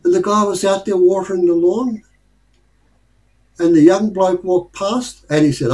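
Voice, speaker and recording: Chuckling Australian man, fairly high voice. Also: steady tone, unhurried, long pauses, mellow, rough recording. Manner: chuckles often, rambling, conversational. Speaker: speaker sharing life lessons. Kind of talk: casual storytelling talk.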